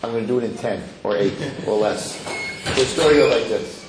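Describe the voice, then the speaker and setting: A man giving a lively Torah lecture as a rabbi, emphatic and given to repeating words as he builds to a story. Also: lowish voice, brisk. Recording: roomy hall with faint noise.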